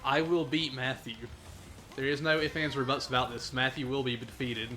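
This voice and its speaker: A young man commentating his own racing gameplay live, playful and jokey, getting excitable as he races. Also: medium pitch, normal speed, soft background music. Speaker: gaming streamer.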